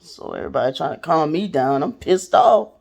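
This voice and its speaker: Gravelly-voiced woman telling a story. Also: low-pitched, expressive, a little fast, darkish tone. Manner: candid and profane, addresses listeners directly. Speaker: podcast host. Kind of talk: casual personal storytelling.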